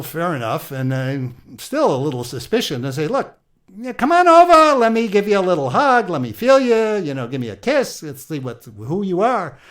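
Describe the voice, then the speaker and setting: A man playing the aging patriarch Isaac, an aggrieved older man telling his story with a Yiddish-inflected accent and old-world exclamations. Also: a little high. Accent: Yiddish-inflected English. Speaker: interviewee. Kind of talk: comedic improvised interview.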